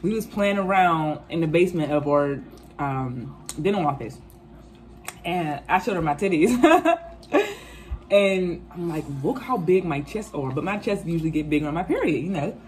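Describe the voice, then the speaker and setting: A woman in her twenties telling a casual storytime, animated and profane, acting out quotes. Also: fairly low pitch, normal speed. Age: 20s. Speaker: vlogger.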